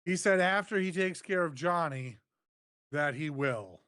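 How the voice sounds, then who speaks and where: This is a man co-hosting a casual podcast, with a slightly raised pitch. He walks through a recap steadily and drops in short agreeing replies. The recording is dry, with no room echo. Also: animated, a little slow, bright, forceful tone, clean tone. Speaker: co-host of wrestling review show.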